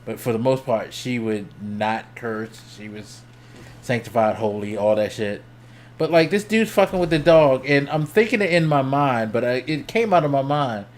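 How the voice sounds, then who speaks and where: A young adult man streaming, telling a story casually, swearing freely and laughing as he goes, his voice jumping up when he gets excited. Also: medium pitch, moderate pace. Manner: laughs between lines.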